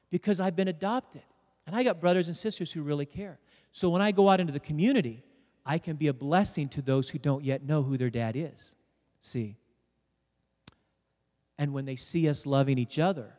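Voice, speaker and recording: A man's voice: on the high side, a little mellow. A man preaching a sermon to a congregation, telling a story and joking with the crowd. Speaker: pastor. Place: church sanctuary. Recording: preached in a hall with long reverb.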